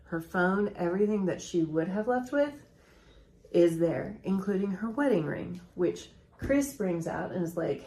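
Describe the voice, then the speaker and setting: A woman's voice: lowish voice, animated, measured pace, a little mellow. Woman telling a true-crime story. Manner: chatty, recounts events with quoted voices. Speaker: podcast co-host and storyteller.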